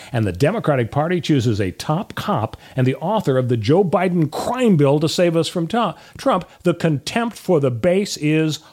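A man's voice: medium pitch, darkish tone. A man co-hosting a political talk show, wry and jokey, setting up topics with leading questions. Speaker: co-host.

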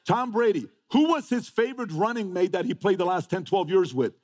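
Animated high-voiced male motivational speaker. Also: brisk. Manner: emphatic, repeats phrases, rhetorical questions. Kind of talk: motivational talk to a live audience.

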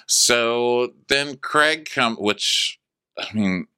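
A man co-hosting a casual podcast, recapping a reality show with animated storytelling and exasperated, profane commentary. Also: medium pitch, drawn-out words, smooth. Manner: animated storytelling, acting out quotes. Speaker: podcast co-host.

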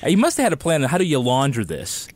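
A man's voice: mid-range voice, huge pitch swings, quick pace, a little mellow, no echo. A man co-hosting a casual podcast, jokey and rambling with fillers. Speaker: podcast co-host.

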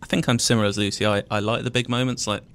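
A man's voice: mid-range voice, fairly even intonation, racing, fairly bright tone, smooth. A man on a podcast chatting casually in a laid-back way, laughing lightly as he recalls moments. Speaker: podcast co-host. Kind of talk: casual group chat.

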